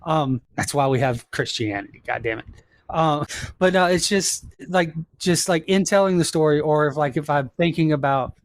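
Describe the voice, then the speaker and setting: A man's voice: a little high, moderate pace. A man co-hosting a casual podcast in a laid-back, profane way. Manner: laid-back, swears freely. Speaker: podcast co-host. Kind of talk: casual chat.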